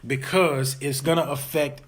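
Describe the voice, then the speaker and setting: A man's voice: fairly high pitch, fairly even intonation, unhurried. A man hosting a casual live stream from home, urgently pleading with viewers to stay and greeting them by name.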